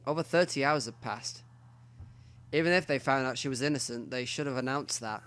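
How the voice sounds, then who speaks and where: A man hosting a let's play voices a visual novel's text, breaking off for low comments to himself in between. He has a medium-pitched voice and a brisk delivery.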